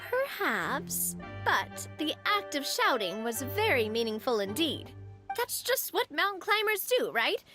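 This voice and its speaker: A woman voicing a cheerful, outgoing young woman in a game, playful and quick to laugh. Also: high-pitched, big pitch swings, music in the background. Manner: bubbly, playful, laughs easily. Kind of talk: game voice acting.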